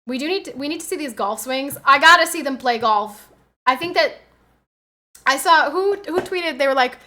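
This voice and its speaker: A woman streamer chats from her home setup, her voice pitched a little high and very bright. She rambles through stories with plenty of fillers and some swearing. Her tone stays sharp and forward throughout. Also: moderate pace. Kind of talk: casual livestream chat.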